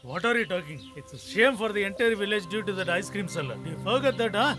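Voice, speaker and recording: A man's voice: high-pitched, animated, quick pace, music in the background. A man dubbing a blustering village elder who speaks for the villagers in an English film dub.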